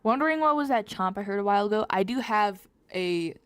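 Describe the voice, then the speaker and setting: A woman's voice: medium pitch, lively intonation, quick pace. A young woman with a slight Southern US accent, chatting casually to her stream while she draws, rambling, giggly and self-correcting. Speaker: drawing livestreamer. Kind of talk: casual chat while drawing.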